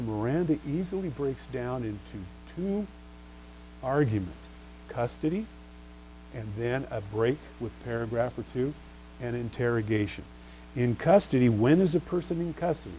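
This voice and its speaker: Man lecturing on law, mellow voice. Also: medium pitch, a little hiss or hum, low-quality recording. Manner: rhetorical questions, answers them himself; stresses key terms and spells out case names. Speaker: bar exam lecturer.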